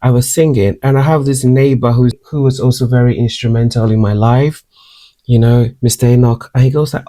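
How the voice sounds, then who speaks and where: A young man with a Ghanaian English accent tells his own story to the camera. His voice is mellow and warm at a middle pitch. He tells it expressively, in a personal vlog style. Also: brisk, no echo. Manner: expressive, switches into lively quoted voices. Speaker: makeup artist and singer.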